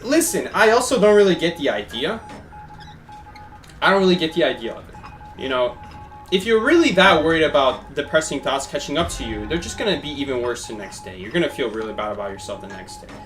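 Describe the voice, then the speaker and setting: A man's voice: a little high, very animated, fairly quick, fairly bright tone, faint music behind. A young man giving chatty, casual commentary while live-streaming a game and thanking his viewers.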